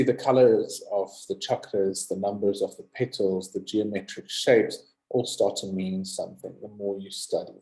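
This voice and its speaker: A man teaching a recorded yoga lesson, slowly repeating Sanskrit terms and having listeners say them back. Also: lowish voice, a little mellow, roomy sound, low-quality recording. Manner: drills pronunciation, repeats words slowly and asks listeners to say them.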